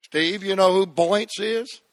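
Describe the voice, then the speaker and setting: A man's voice: sits high, fairly even intonation, slow pace, dry recording, studio quality. A man pastor, preaching a sermon and calling the congregation to repeat words after him. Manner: call-and-response preaching, rising to shouts.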